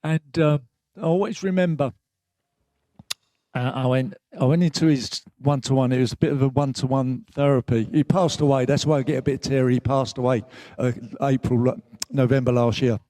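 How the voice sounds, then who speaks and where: A man's voice: mid-range voice, steady tone, normal speed, dark tone, dry recording. An older man from England, a guest at a live event, telling his story in a candid, rambling way with swearing, emotional at times. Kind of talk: live stage conversation.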